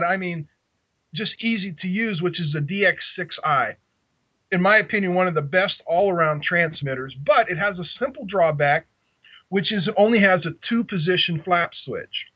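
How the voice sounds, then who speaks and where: A man's voice: sits high, no room sound, highs cut off. A man with a Pittsburgh accent, a guest on a casual podcast, walking through radio transmitter settings step by step. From Pittsburgh area, USA. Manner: explains radio programming steps in detail.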